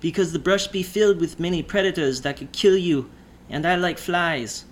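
A man's voice: on the high side, pitched above the performer's own voice, close to an everyday voice. A man doing a drawling, menacing driver. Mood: ominous. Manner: slow drawl, stresses every syllable. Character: polite but menacing male driver.

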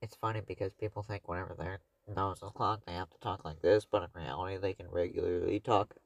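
A man's voice: low-pitched, fairly even intonation, fairly quick, gravelly. A young man co-hosting a casual podcast, teasing and goofing around. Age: young adult. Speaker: podcast co-host. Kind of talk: casual banter.

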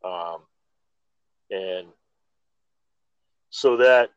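A man hosting a casual chat, excitable and full of stammered restarts. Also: low voice, very slow, smooth, dry recording. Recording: slightly dull lo-fi audio.

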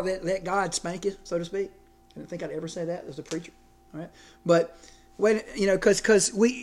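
Animated preacher, high voice. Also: male voice. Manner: conversational, animated, self-deprecating asides. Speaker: pastor. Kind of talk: sermon.

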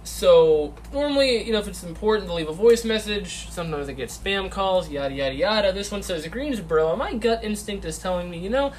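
A young man co-hosting a casual chat, telling a story in an animated way, acting out his own lines and swearing freely. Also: sits high, a little fast, hardly any pauses, slight background noise. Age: young adult. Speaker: podcast co-host.

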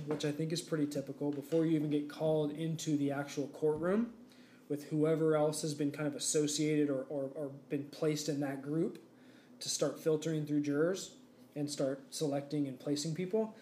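This casual podcast chat features a young co-host whose mellow, slightly high voice stays steady at a normal speed. He meanders through a story packed with filler words, and the room is echoey with faint background noise.

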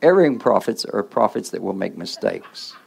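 A man's voice: on the low side, big pitch swings, normal speed, creaky, darkish tone, slightly rough. A man preaching a sermon in the role of a preacher, checking in with the congregation through call-and-response asides.

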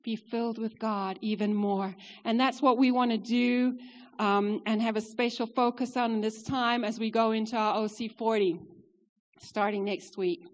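Woman preacher, high voice, earnest sermon delivery with big swings between loud and soft, long church-hall reverb. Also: steady tone, normal speed. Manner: earnest, rises for emphasis then drops soft.

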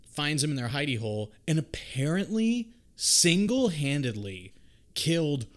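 A man's voice: on the high side, measured pace. A man casually recapping a movie, swearing a lot and acting out the characters' lines. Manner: profane, animated storytelling, acts out characters' lines. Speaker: podcast co-host.

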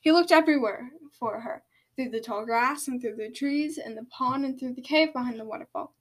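A woman's voice: on the high side, brisk. A woman reading her own story aloud, with casual, hesitant asides.

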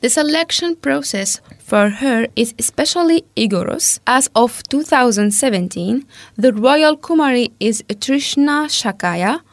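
A woman co-hosting a casual talk, reading researched notes aloud steadily and pausing over hard names. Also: fairly high pitch, lively intonation, no room sound.

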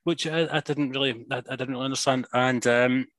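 A man's voice: mid-range voice, steady tone, a little fast, fairly bright tone, dry recording. A Scottish man co-hosting a casual film review chat, blunt and sweary, often restarting his sentences. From Scotland. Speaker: film podcast co-host.

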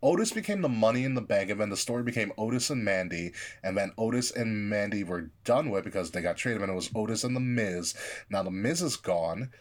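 Low-voiced animated man chatting. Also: fairly quick. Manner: animated, stammers and restarts when excited. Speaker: podcast co-host. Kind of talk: casual wrestling chat.

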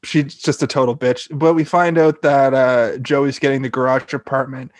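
A man's voice: medium pitch, level tone, moderate pace, no room sound. A young man co-hosting a podcast, chatting casually about a TV episode, swearing freely and acting out characters' lines. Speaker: podcast co-host. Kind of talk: casual chat recapping a TV episode.

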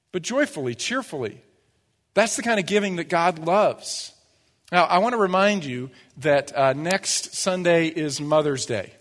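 A man's voice: fairly high pitch, fairly bright tone, long reverb tail. A man preaching a sermon as pastor, conversational, with rhetorical asides and playful acted-out quotes. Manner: acts out little quoted voices for humor. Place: church sanctuary.

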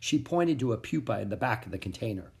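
An expressive reader narrating a children's storybook aloud in first person. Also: medium pitch, quick pace, vocal fry. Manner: expressive, animated. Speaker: audiobook narrator.

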